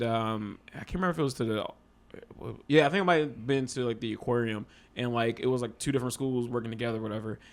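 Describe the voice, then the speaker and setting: A man from Philadelphia, a comedian guest on a podcast, telling rambling stories in casual chat and laughing at himself. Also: medium pitch. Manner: rambling, laid-back storyteller who laughs at himself.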